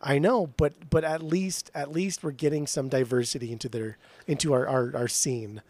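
A man's voice: medium pitch, moderate pace, no room sound. A man co-hosting a podcast in casual chat, ranting in mock outrage and swearing as he ribs his friend. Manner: mock-outraged, swears a lot, animated ribbing. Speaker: podcast co-host.

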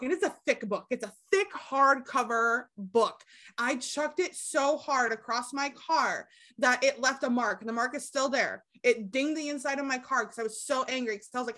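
A woman's voice: sits high, pushed and bright. A young woman, a recovery coach, candidly telling her story as a podcast guest, with lots of fillers and casual swearing.

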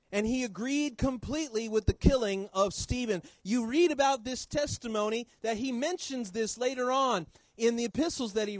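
Preacher guy, fairly high voice, goes loud then drops real low, dry close sound. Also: no echo, poor audio. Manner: preaching with sudden swings between loud emphasis and low quiet drops. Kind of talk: sermon. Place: church.

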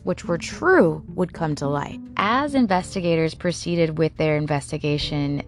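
A woman host narrating a true-crime story in a casual, chatty way, with sarcastic asides to the listener. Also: fairly low pitch. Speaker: podcast host.

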